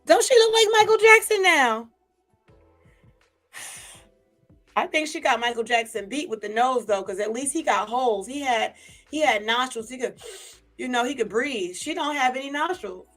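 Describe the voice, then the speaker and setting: A woman vlogger, gossiping in casual commentary to a live chat, chatty and animated. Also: a little high, moderate pace, faint music behind.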